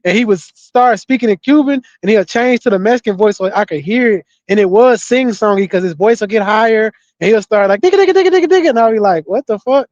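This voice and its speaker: A man's voice: high-pitched, fairly quick, hardly any pauses, a little mellow, dry recording. A young man telling loose, profane stories in casual podcast chat, laughing often. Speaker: podcast co-host. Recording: dull, lo-fi dry sound.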